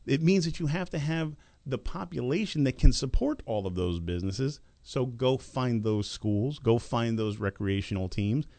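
Gravelly middle-aged radio host, lecturing. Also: male voice, medium pitch, lively intonation, normal speed, hardly any pauses, darkish tone, no echo. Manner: emphatic, lecturing. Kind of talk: business talk radio monologue.

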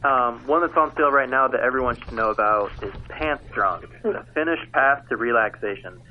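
Man with a dry, deadpan book pitch. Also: moderate pace, slight background noise. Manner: dry, tongue-in-cheek delivery like an infomercial. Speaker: book recommender on a radio segment. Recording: phone-like radio audio.

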